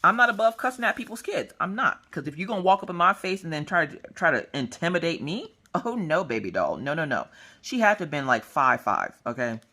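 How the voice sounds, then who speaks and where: A woman vlogger telling a story in a casual, blunt and animated way. Her voice sits a bit low. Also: fairly quick. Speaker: crafting vlogger.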